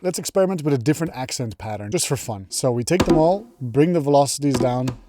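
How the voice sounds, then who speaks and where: A man's voice: mid-range voice, animated, fast, background noise. A man teaching music production in a casual, chatty tutorial, upbeat and enthusiastic. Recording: music playing behind.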